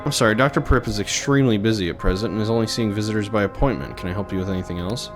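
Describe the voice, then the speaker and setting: A man voicing a prim female clerk with a formal, politely flustered manner, music playing clearly behind. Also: on the low side, very fast, lightly acted. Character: prim female clerk guarding a doctor's office.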